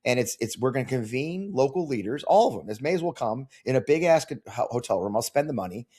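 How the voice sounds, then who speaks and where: A man running for Congress, answering interview questions as an animated storyteller with many restarts. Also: medium pitch, quick pace, breathy edge. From Missouri. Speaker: congressional candidate.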